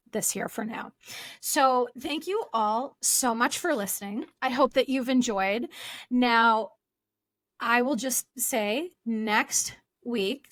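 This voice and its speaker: A woman's voice: on the high side, fairly bright tone, no echo. A woman hosting her own podcast as a therapist, explaining things in a casual, chatty way with fillers. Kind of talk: solo podcast talk.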